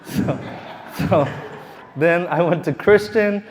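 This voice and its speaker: A man's voice: on the high side, brisk. A man who is a real estate investor tells a casual, profane story to a live audience in a room, laughing as he goes. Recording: long hall reverb.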